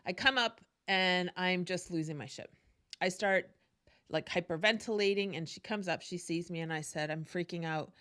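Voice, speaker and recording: A woman's voice: lowish voice, normal speed, a bit bright, clear, resonant tone. A woman hosting a podcast, telling a personal story in a casual, candid way with profanity and frequent asides. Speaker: podcast host.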